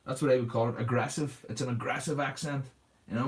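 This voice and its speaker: A man hosting a casual livestream, chatting with viewers as he paints. He is relaxed and laughs often. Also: medium pitch, fairly quick. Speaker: livestream host. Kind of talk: casual livestream chat reading viewer comments.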